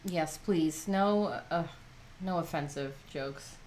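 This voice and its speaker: Mom co-hosting a livestream, candid and kinda exasperated, middle-aged. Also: female voice, low voice, takes it slowly, a little mellow. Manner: candid, exasperated about her kids. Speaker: livestream co-host. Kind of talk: casual chat.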